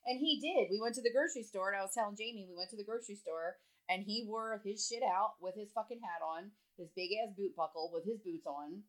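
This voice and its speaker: This is a young woman chatting casually with a co-host, rambling through her stories with plenty of swearing. She laughs as she goes. Her pitch sits right in the middle for a woman. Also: quick pace, rough recording. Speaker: podcast co-host. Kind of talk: casual chat.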